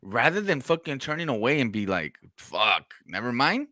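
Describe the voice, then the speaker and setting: A man chatting casually on a podcast, his voice at an ordinary middle pitch. He tells stories in loose slang, full of swearing and quoted back-and-forth. The sound is close and dry, with no room around it. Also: big pitch swings, normal speed, sharp tone, no room sound. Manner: slangy, profane storytelling with acted-out quotes. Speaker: podcast host. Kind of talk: casual chat.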